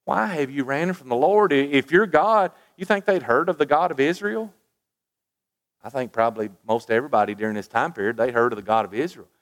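A man's voice: medium pitch, animated, a little fast. A man preaching a sermon, reading scripture aloud with emphasis and putting rhetorical questions to his listeners. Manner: reads scripture aloud with rising emphasis, then drops to quiet asides; asks the congregation rhetorical questions.

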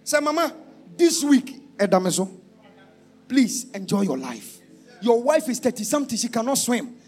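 A man preaching a sermon, shouting and half-singing, then dropping to a low confiding tone. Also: very animated, moderate pace.

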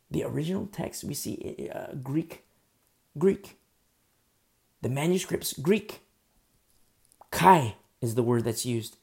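A male pastor delivers a sermon in a gravelly, dark-toned voice. His talk is loose and full of fillers and restarts. He slows down and rises sharply in emphasis on the words he stresses. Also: medium pitch.

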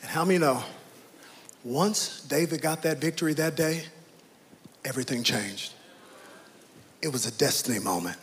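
Male preacher, lively pitch, dramatic swings from hush to shout, reverberant hall. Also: normal speed, pauses often, slight background noise. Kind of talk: sermon. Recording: reverberant hall with faint ambience.

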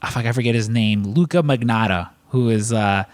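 A man's voice: mid-range voice, brisk, no room sound. Rambling, swearing man telling stories. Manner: rambling, swears freely, many restarts. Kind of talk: casual storytelling chat.

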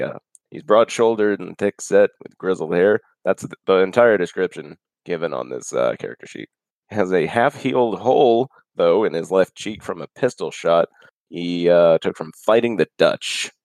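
A man playing in a tabletop game, describing his character with dry, deadpan jokes. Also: deep voice, normal speed, dry recording. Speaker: player. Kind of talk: casual tabletop game chat.

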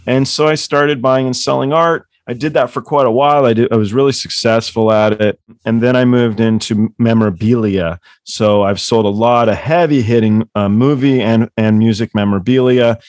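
A man's voice: medium pitch, steady tone, normal speed, few pauses, darkish tone, no room sound, clean studio sound. A man telling rambling, profane stories as the author guest on a casual book club chat. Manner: rambling, profane, laughing storyteller.

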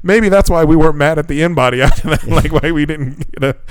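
A man co-hosting a casual podcast about gym results, swearing and laughing often and mimicking other people in high voices. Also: quick pace, clean tone, no echo, rough recording. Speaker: podcast co-host. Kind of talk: casual chat.

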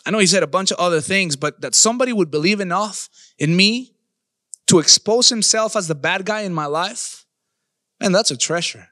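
Guy preaching, high pitched and punchy, drags out words then shouts, dry mic. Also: normal speed, dry recording. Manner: emphatic, stretches key words, bursts into shouts. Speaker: pastor. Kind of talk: sermon.

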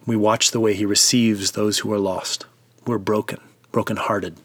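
A man's voice: fairly low pitch, flat delivery, normal speed, a bit bright, dry recording. A man, a preacher, leading listeners through a vivid, immersive devotional retelling of a story.

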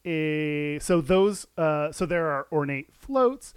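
A man with a somewhat high voice hosts a casual podcast. He rambles, hedges and jokes around. The sound is dry and close to the mic. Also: animated, slow pace, smooth, no room sound. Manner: rambling, hedging, playful. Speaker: podcast co-host.

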